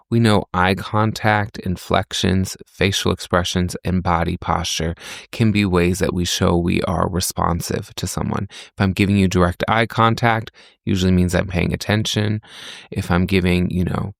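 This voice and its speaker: A man with a very low, gravelly voice teaches like a professor talking to his students, posing rhetorical questions and walking through everyday examples. The recording is close and dry, with no room sound around him. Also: dry recording. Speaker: communication professor and podcast host. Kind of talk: lecture-style podcast.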